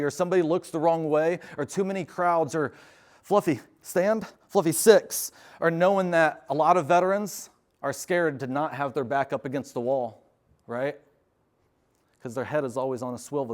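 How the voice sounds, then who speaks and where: A man's voice: mid-range voice, a little mellow. A middle-aged man, a veteran, speaking earnestly to a university class about service dogs and breaking off to give his dog firm commands. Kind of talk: live class talk and demonstration.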